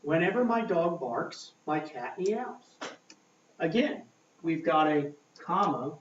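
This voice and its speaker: A man teaching a grammar lesson at a board, talking slowly and checking in often with "okay?". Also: a little high, slight background noise. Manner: slow, checking in with frequent "okay?". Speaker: English teacher. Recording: echoey room, mic far off, dull lo-fi sound.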